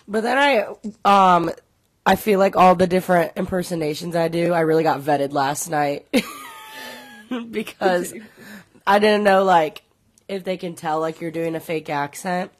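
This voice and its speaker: A woman's voice: lowish voice, a little slow. A young American woman joking around in casual podcast chat. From United States. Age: young adult. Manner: lively, joking. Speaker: podcast co-host.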